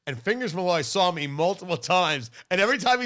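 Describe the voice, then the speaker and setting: A man's voice: high voice, quick pace. A middle-aged man co-hosting a casual podcast chat, telling food stories with enthusiastic, playful bursts. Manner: animated, enthusiastic storytelling with playful outbursts. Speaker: co-host.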